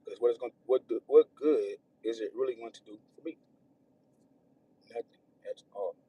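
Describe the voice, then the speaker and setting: A man livestreaming, venting about his troubles while near tears, rambling and repeating himself, swinging from loud outbursts to hushed, almost whispered lines. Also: mid-range voice, normal speed, husky, lo-fi sound. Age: adult with children. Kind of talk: emotional personal venting. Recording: distant mic, faint room noise.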